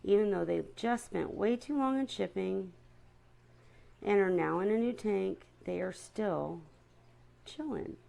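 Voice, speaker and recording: A woman's voice: mid-range voice, a little slow, vocal fry, warm tone. A woman chatting casually to viewers on a live stream about her seahorses, often stopping to apologize.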